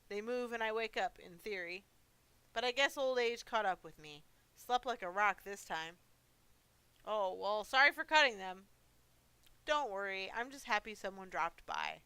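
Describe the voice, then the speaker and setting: A woman's voice: a little high, animated, moderate pace, bright, forceful tone, smooth, no room sound, low-quality recording. A woman voicing a lonely, forgetful old male monster in a horror game, who rambles and mocks himself. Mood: chatty. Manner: rambling, self-mocking, talks to himself.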